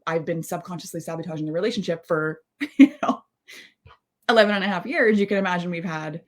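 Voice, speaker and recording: A woman's voice: lowish voice, fast talker. Rambling heartfelt woman in her thirties. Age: 30s. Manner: rambling, heartfelt, full of asides and restarts. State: close to tears. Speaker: spiritual mindset coach. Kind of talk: candid live-stream monologue.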